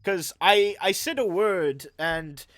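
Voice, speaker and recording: A man's voice: sits high, takes it slowly, fairly bright tone, dry recording. A young man from Canada hosting a casual anime review chat, rambling with lots of fillers and restarts. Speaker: host.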